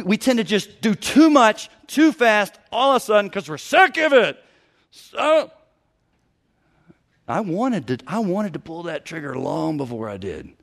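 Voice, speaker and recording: A middle-aged man preaching a sermon as a pastor, animated, often acting out other people's voices and breaking into sudden loud bursts. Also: a little high.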